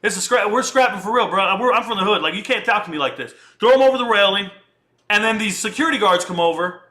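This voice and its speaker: High bright-voiced man telling a story. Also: quick pace. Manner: animated, slangy, conversational storyteller. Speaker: commentator. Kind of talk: casual commentary and storytelling.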